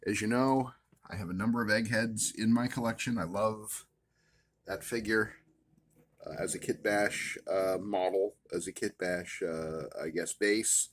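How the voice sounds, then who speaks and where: A man's voice: fairly low pitch, measured pace, a little hiss or hum. A man casually rambling at his worktable about his action figures, with many "uh" fillers and wry, self-amused asides. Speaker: action figure collector vlogger. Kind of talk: casual rambling show-and-tell.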